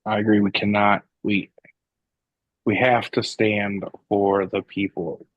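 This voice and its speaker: A man co-hosting a casual political talk show, heated, halting and often restarting his sentences. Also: fairly low pitch, level tone. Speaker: podcast co-host. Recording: dry, dull lo-fi sound.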